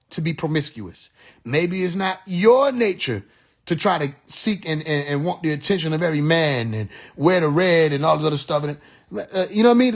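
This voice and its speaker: High-voiced man preaching on a live stream. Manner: preachy, profane, laughs at his own jokes. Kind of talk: casual live-stream monologue.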